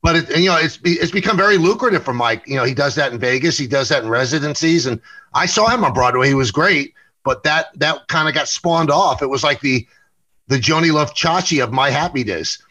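Brief: middle-aged man, New York accent, slightly high, bright voice, loose anecdotal talk with restarts. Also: rough recording. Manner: storytelling, quick self-corrections, repeats words. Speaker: sportscaster and interview show host, guest here. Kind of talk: casual interview conversation.

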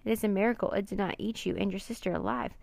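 A woman reading as a stiff, formal old professor who barks orders and hungers to study his find, in a storybook read-aloud. The voice has a gravelly grain and a dry, close sound. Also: mid-range voice, quick pace, darkish tone, no room sound, lightly acted. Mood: doubtful. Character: stern older male scientist, eager to study.

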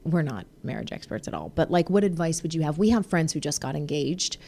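A woman in her thirties hosting a podcast, chatting casually with her husband, animated with frequent laughs and fillers. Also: sits low, brisk, gravelly, a little hiss or hum. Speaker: podcast host.

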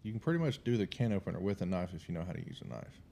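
A man's voice: low-pitched, expressive, very fast, creaky, dark tone. A man co-hosting a casual podcast chat, giving practical, matter-of-fact answers.

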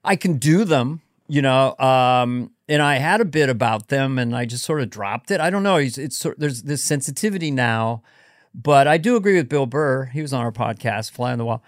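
A man talking as a podcast guest in a loose comedy chat, animated and quick to break into little voices and sound effects. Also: medium pitch, no echo, studio quality.

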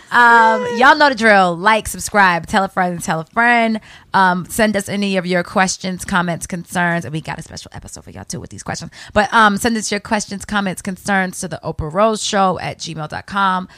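A woman co-hosting a podcast in casual chat, relaxed and laughing, with lots of fillers. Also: medium pitch, no echo. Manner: laid-back, laughing, many fillers. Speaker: podcast co-host.

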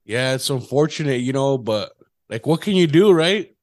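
A man's voice: medium pitch, animated, normal speed, no room sound. A Mexican American man hosting a casual interview, laid-back and jokey with lots of slang. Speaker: podcast host.

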